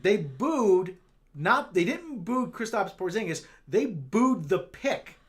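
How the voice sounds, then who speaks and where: A man's voice: sits high, very animated. A man hosting a casual livestream, arguing his point with frequent restarts and repeated words. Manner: halting, restarts a lot, argues his point. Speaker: streamer host.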